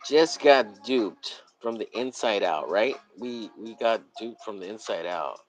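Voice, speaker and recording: A man's voice: lowish voice, expressive, unhurried, faint music behind, rough recording. A man hosting a casual live drawing stream. He rambles profanely and laughs at his own jokes.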